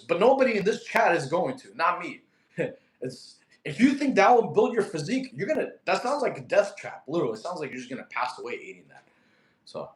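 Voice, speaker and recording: A young man from Russia, a fitness streamer reading live chat, animated and quick to get annoyed at spammers. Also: a little high. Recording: echoey room.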